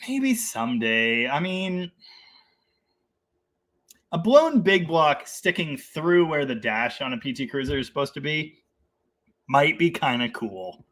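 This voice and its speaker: A man's voice: on the high side, very animated, takes it slowly, pauses often, fairly bright tone. A man hosting a casual live stream about cars, reading out viewer comments, laughing often and rambling with enthusiasm. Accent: Canadian.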